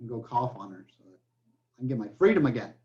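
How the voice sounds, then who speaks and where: A man's voice: mid-range voice, very animated, fairly quick, mellow, highs cut off. A man teaching a recorded math lecture, joking in asides and saying okay often. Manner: joking asides, many okays. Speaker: math professor.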